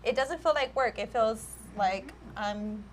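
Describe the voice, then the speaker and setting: A woman hosting a casual live-stream chat at home as a makeup artist, telling a story in an animated way with lots of "like" and acted-out dialogue. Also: on the high side, unhurried, a little hiss or hum. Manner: chatty, animated, peppers speech with "like", acts out dialogue.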